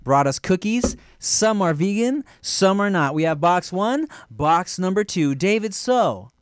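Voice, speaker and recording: A man co-hosting a loose comedy podcast, his voice sitting slightly high. He tells animated stories, slipping into acted voices and laughing often. The sound is dry and close on a studio mic. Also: a little slow, smooth, dry recording. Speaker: podcast co-host. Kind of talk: casual comedy podcast chat.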